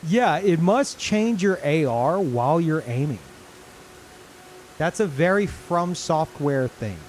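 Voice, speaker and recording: Male game streamer, sweary and disbelieving, slow drawn-out delivery, animated pitch, faint hiss under the voice. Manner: swearing, incredulous, jumps between loud outbursts and low mutters. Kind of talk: live gameplay commentary.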